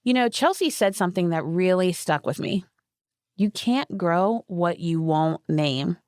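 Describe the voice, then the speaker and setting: A woman's voice: on the low side, expressive, a little slow, darkish tone, no echo, clean studio sound. A woman co-hosting a podcast, speaking in an affirming way and introducing the next segment. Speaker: podcast co-host.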